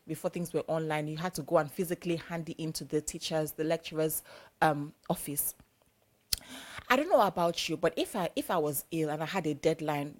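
A woman's voice: low voice, a little mellow. A young adult woman preacher giving a sermon in a conversational, emphatic, repetitive way.

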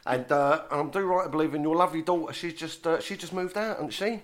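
A man's voice: fairly high pitch, fast. A man with a Cockney accent hosting a radio show, chatting casually and teasing his caller in a jokey way. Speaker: radio host. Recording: music playing underneath.

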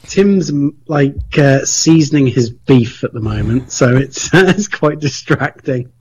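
A man's voice: mid-range voice, lively intonation, measured pace, darkish tone, breathy edge, lo-fi sound. A man co-hosting a radio show in a laid-back, giggly way with mumbled asides. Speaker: radio co-host. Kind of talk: casual radio chat.

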